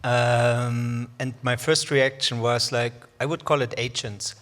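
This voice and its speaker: A man's voice: mid-range voice, a bit bright. A man in an academic panel discussion, speaking thoughtfully with some hesitation.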